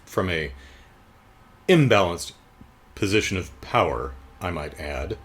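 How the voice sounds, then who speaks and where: A man's voice: sits low, lively intonation, slow, a bit bright. A man giving a casual, jokey TV review, retelling the plot with sarcastic asides.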